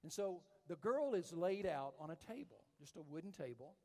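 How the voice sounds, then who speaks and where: A man's voice: on the high side, lively intonation, moderate pace. Male preacher, sermon delivery, slightly raised voice, long hall reverb, dynamic storyteller. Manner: storytelling preacher, swinging from hushed to loud and emphatic.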